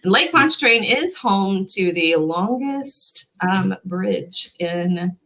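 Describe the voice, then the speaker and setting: Woman, quiz host, playful, laughs a lot, sounds words out slowly. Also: medium pitch, lively intonation, bright, forceful tone, low-quality recording. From Louisiana. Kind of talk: casual pronunciation quiz.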